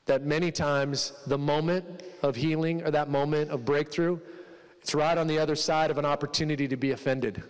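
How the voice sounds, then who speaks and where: A man's voice: on the high side, in a large hall, low-quality recording. A male pastor preaching a casual sermon, joking with the congregation and acting out quoted voices.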